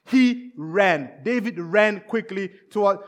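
A man's voice: high voice, lively intonation, slow. A man preaching a sermon with emphatic repetition, acting out scenes as he goes.

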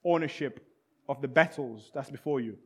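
A man's voice: mid-range voice, normal speed, husky. A man preaching a sermon with emphatic repetition, acting out scenes as he goes.

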